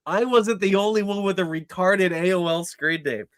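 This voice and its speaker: A man co-hosting a podcast, excitable and profane, tripping over his words in casual chat. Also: sits high, normal speed. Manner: excitable, swears, stammering restarts. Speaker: podcast co-host.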